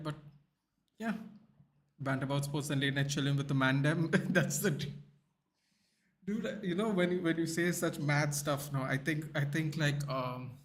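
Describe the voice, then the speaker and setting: A man's voice: on the high side, slight background noise. Chatty Indian-accented man saying dude. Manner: loose and chatty, says dude a lot, excitable reactions. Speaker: livestream host. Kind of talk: casual watchalong chat, reading viewer comments.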